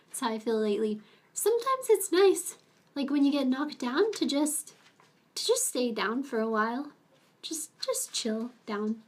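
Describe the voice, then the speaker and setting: Young woman, very high voice, unhurried delivery, rambling casual chat, laughs a lot. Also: sing-song. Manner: rambling and chatty, with frequent laughs; switches to a high, cooing voice to talk to her pets. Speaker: streamer.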